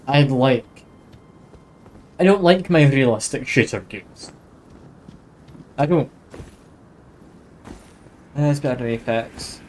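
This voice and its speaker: This Scottish-accented man has a fairly high, somewhat dark voice. He's live-streaming a video game, chatting easily with viewers and talking to chat while he plays.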